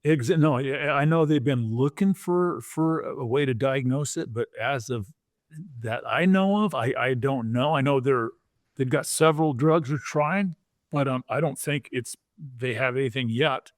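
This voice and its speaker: Guesting on a podcast, a man in his 60s who once played pro football relates stories conversationally, repeating words often and performing quotes with animation. He speaks at a medium pitch and normal speed, recorded dry with studio quality.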